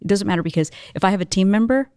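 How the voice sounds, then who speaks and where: A young adult woman, a guest, telling her life story in an interview, animated and quick, with many fillers. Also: medium pitch, smooth, dry recording, studio quality. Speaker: guest entrepreneur and musician.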